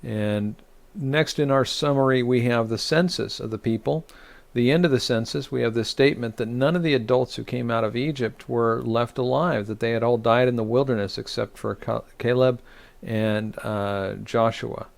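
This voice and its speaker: A man teaching a weekly online Torah study as rabbi, speaking haltingly with many fillers and restarts. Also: medium pitch, fairly even intonation, vocal fry. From United States.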